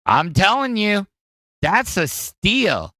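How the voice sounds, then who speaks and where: Animated Midwestern man pitching gifts. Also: takes it slowly, dry recording. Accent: Midwestern American. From Wisconsin. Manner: hyped salesman-style pitching, swings up to loud bursts. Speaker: podcast host. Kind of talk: casual chat, gift pitches.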